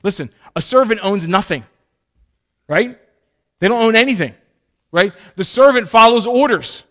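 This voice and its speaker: A man preaching a sermon to his church, emphatic and animated, swinging between loud and quiet. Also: high-pitched, normal speed. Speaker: pastor.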